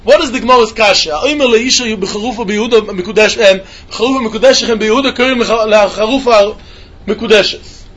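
Fast high-voiced man teaching Talmud. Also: fairly bright tone, lo-fi sound. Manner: quick sing-song study chant, mixing English with Hebrew and Yiddish. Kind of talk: yeshiva-style Talmud lecture.

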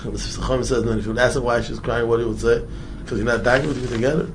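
A man teaching a Torah class, rattling off verses in a rapid singsong and then explaining them with animated emphasis. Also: medium pitch, background noise. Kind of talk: Torah class mixing Hebrew chanting and English.

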